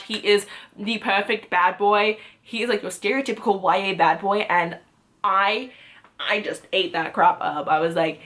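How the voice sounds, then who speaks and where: A young woman talks through the books she read this month, at a middle pitch. She gushes and gets carried away, and her voice jumps into high, excited squeals when she loves something. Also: a little fast. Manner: gushing, animated, swings into loud excited squeals. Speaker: book vlogger. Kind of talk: casual monthly book wrap-up.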